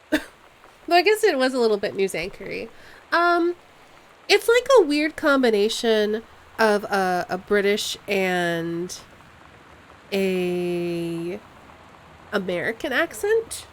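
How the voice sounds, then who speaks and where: A woman's voice: medium pitch, big pitch swings, slow, long pauses, a little hiss or hum, rough recording. A woman streaming a game live, musing aloud and puzzling over clues as she plays.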